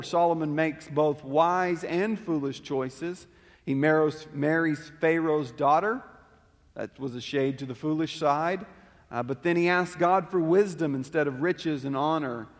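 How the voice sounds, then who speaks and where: A man's voice: on the high side, a little slow. A man preaching a sermon in what sounds like a large church sanctuary, his voice sitting a little above the usual male range. He teaches earnestly and reads long scripture passages with rising emphasis, and a long reverb trails each phrase. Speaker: pastor.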